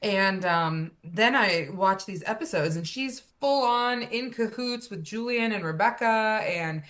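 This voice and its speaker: A woman guest host chats about a soap opera in an easy, mid-pitched voice. She is wry and conversational. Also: animated, measured pace, fairly bright tone. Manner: chatty, wry, laughs while talking. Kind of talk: casual chat recapping a soap opera.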